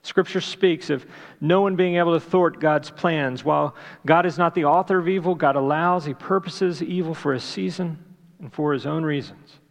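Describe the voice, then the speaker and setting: A male pastor preaches a sermon in a slightly raised, gravelly voice. He speaks emphatically, putting rhetorical questions to the congregation and repeating his main points, while the long reverb of a large church hall rings around him.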